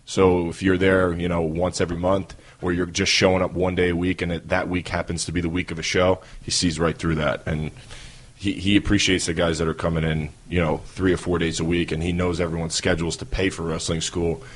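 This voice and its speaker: A man with a New York accent, a wrestler telling stories as a podcast guest in a relaxed way with many fillers. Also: sits low, fairly quick. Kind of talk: casual interview talk.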